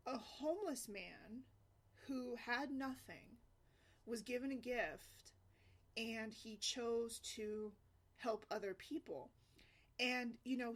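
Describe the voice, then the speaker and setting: A woman talking earnestly in a casual vlog, conversational and often asking "right?". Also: a little high. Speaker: single mom blogger.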